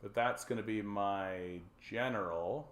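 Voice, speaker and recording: A man's voice: on the low side, unhurried, echoey room. A man from Canada hosting a casual call-in livestream, rambling and joking with lots of swearing, fillers and restarts. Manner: rambling, profane and jokey, with many fillers and restarts. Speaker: livestream host.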